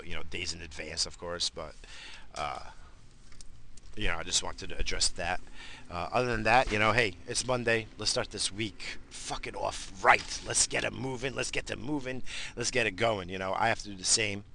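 A man in his thirties talking off the cuff on his own home podcast, rambling from one gripe to the next with plenty of swearing and self-mockery. His voice sits a little low but comes out bright and forceful, with a faint hiss of room ambience behind him. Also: fairly even intonation, normal speed, creaky. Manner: rambling, profane, self-mocking. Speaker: podcast host. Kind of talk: casual solo podcast rant.

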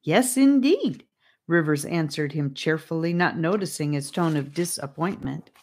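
A woman's voice: sits low, steady tone, moderate pace. A woman narrating a storybook, reading aloud and addressing the listener. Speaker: audiobook narrator.

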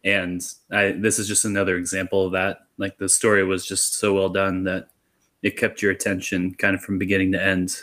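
A man's voice: sits low, monotone, brisk, a bit bright. A man on a film-review podcast who rambles in a laid-back way, with lots of fillers. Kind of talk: casual film-review chat.

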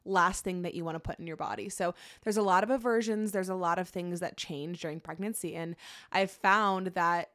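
A woman's voice: lowish voice, steady tone, normal speed, fairly bright tone. A young woman, heavily pregnant and a little out of breath, chatting casually and rambling as she hosts her own podcast, laughing often. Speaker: podcast host. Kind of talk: casual solo podcast chat.

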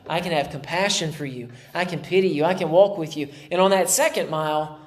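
A male pastor delivers a conversational sermon in a fairly high voice. He slips into quick voices for the people in his stories. The room around him is noticeably echoey. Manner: conversational, acts out quoted voices.

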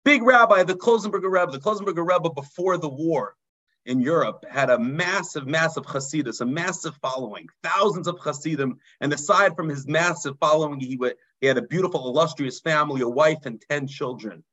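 A man, a rabbi telling a story in a mussar sermon, dropping low and quiet for emphasis. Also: brisk, low-quality recording. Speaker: rabbi teaching a mussar class.

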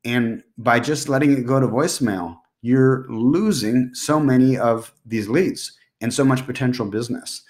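A man's voice: medium pitch, moderate pace, few pauses, a little mellow. Male podcast host, mid-range voice, blunt and insistent coaching tone. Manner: direct, emphatic advice with repeated points. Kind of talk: solo business podcast monologue.

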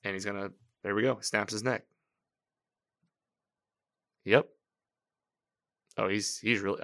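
A man hosting a podcast, giving casual, animated commentary as he recaps a TV episode, quoting lines and laughing. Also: on the low side, slow pace, vocal fry, pauses often. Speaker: podcast host. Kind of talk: casual live-watch commentary.

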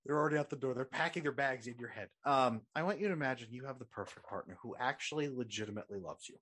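Husky man coaching on relationships. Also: medium pitch, fast talker, fairly bright tone. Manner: earnest, explaining, walks listener through exercises. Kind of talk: casual chat, guided visualization.

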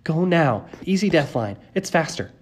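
A man voicing a brisk, commanding teenage girl who barks sharp, high orders at a dog. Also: sing-song.

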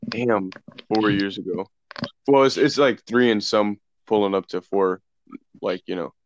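This young man co-hosts a podcast and speaks at a measured pace in a lowish voice, telling friends a profane story and voicing the quoted lines in an animated, loose way. The recording is dull, dry lo-fi with a little hiss or hum.

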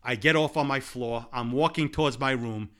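Bright-voiced New man telling a story. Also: mid-range voice, normal speed. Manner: animated anecdote-telling with laughs and repeated "blah, blah". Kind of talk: casual storytelling chat.

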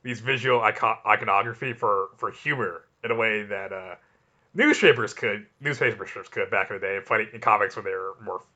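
Brief: forceful bright-voiced man, enthusiastic rambling podcast co-host, muffled mic. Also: lowish voice, brisk. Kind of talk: casual chat.

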